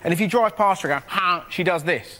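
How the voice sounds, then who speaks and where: A man telling chatty, animated stand-up stories as a panel show comedian. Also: high voice, fast. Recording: loud background noise.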